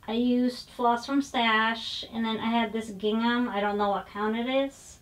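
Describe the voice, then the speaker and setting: Woman vlogger, fairly high voice, unhurried and chatty, stops to correct herself. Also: fairly even intonation. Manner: chatty and digressive, with frequent fillers and self-corrections. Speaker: flosstube host showing cross-stitch finishes. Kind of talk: casual show-and-tell chat.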